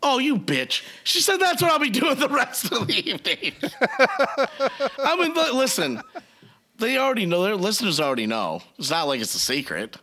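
A man's voice: high-pitched, huge pitch swings, moderate pace, bright, forceful tone. A man hosting a casual podcast, out of breath as he talks, laughing constantly and swearing freely in a jokey, self-mocking way. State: out of breath while talking. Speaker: podcast host.

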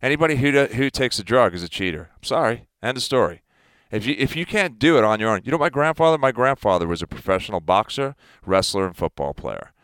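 A man in his fifties, a guest athlete, talking in a casual interview in an emphatic, animated way. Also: mid-range voice, fast, clean tone, no room sound. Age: 50s.

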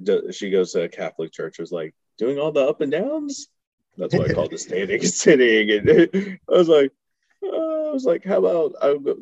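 A man's voice: lowish voice, a little mellow, no echo, lo-fi sound. A man from Houston telling stories in casual chat as a podcast guest, laughing often and acting out the voices of people he quotes. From Houston, Texas. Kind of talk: casual storytelling.

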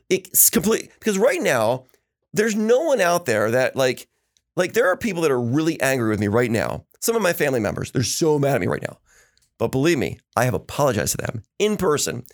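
A man hosting a casual podcast, telling animated stories and acting out the quotes of the people in them. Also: fairly high pitch. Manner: animated storytelling with acted quotes. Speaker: podcast host.

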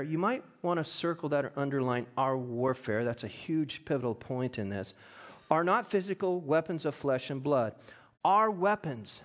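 A middle-aged male pastor preaching a sermon, reading scripture and telling stories that build into loud, impassioned peaks. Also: fairly high pitch.

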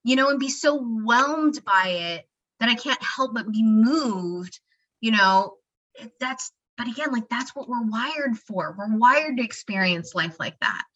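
Bright, lively woman guest, quick to laugh. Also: fairly high pitch, highs cut off. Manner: expressive, acts out quoted voices, laughs often; chatty, heavy use of "you know" and "like". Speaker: guest, founder and emotional wellness practitioner. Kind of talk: animated podcast interview talk.

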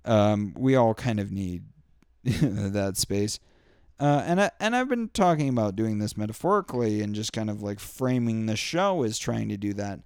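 A young podcast host delivers a candid solo monologue, a rambling, profane and heartfelt rant stuffed with fillers. His lowish voice is expressive, darkish, clear and resonant at a moderate pace, in studio quality with no echo.

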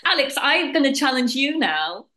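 A woman on a radio chat panel, playful and animated, bossing the others about in jest. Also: high-pitched, moderate pace. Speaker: panel guest. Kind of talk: casual chat.

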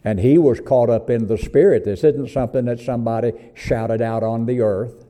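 A man preaching a sermon, slow and emphatic, rising to loud declarations and dropping to near whispers, calling his listeners "hon". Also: mid-range voice, steady tone. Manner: slow, emphatic preaching with swells and drops in volume.

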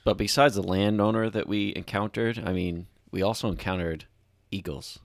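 Podcast co-host, male, deep voice, dry close mic, animated storyteller. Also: moderate pace, dry recording. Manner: animated storyteller, acts out shouted quotes. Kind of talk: casual chat.

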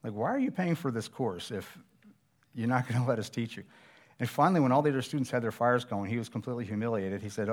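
Middle-aged male preacher, conversational and self-deprecating, mid-pitched voice, sermon with storytelling. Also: expressive, fast.

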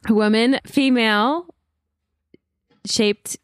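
A woman's voice: a little high, slow pace, no echo. A woman describing her character for a tabletop game, hesitant and giggly. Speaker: player.

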